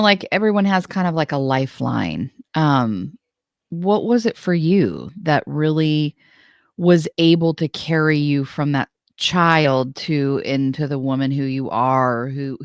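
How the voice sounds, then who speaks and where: A woman hosting a podcast with a very low voice, recorded dry and close. She asks her questions gently, circling and restarting before she lands on them. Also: a little slow, no echo. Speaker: podcast host. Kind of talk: interview questions.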